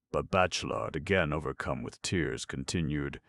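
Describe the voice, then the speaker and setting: A man narrating a classic novel as an audiobook in a measured, expressive reading, close to the mic. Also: extremely low pitch, dry recording. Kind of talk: scripted narration.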